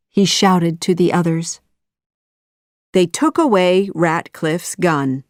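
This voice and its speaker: A woman narrating a children's audiobook in a measured, clear storytelling manner. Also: fairly low pitch, no room sound, clean studio sound.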